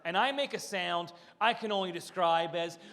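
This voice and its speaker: A man's voice: high-pitched, normal speed, fairly bright tone, long reverb tail. A man performing a stand-up comedy set, telling stories with punchy asides and acting out what people said. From Philadelphia area. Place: country club room, live audience.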